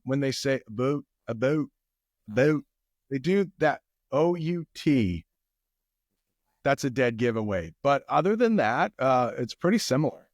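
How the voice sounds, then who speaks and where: Relaxed American man, dry close sound. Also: medium pitch, dry recording. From United States. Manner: relaxed, repeats phrases, easygoing. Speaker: guest English teacher. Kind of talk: casual podcast conversation.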